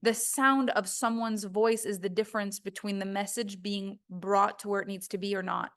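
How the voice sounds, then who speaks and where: A woman's voice: medium pitch, steady tone, moderate pace, fairly bright tone. A woman voice coach giving a recorded course lesson, talking emphatically and acting out quoted voices.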